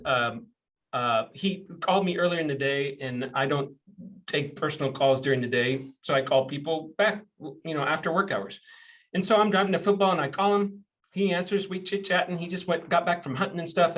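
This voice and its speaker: A man in his forties hosting a casual podcast, telling stories in a blunt, animated way. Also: fairly high pitch, moderate pace. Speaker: podcast host and coach.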